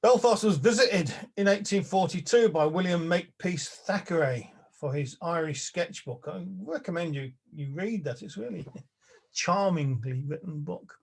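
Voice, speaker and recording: Older lecturer, fairly high-voiced, chatty and wry, talking from a home study. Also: male voice, normal speed, gravelly, husky. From England. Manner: wry, chatty, with little chuckles. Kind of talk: illustrated public talk. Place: spare-bedroom study at home.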